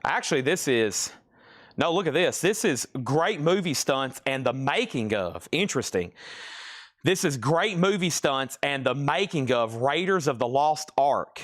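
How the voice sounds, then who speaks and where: A man's voice: medium pitch, lively intonation, measured pace, fairly bright tone. A man hosting a live-stream vinyl auction, chatting, joking with buyers and calling out prices and bids, and out of breath from hauling crates.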